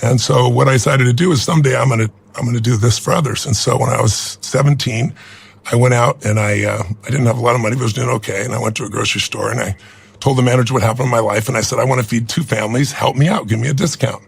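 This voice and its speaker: A man's voice: mid-range voice, quick pace, creaky, slightly rough. A man in his sixties telling a personal story as an interview guest, earnest and reflective. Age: 60s.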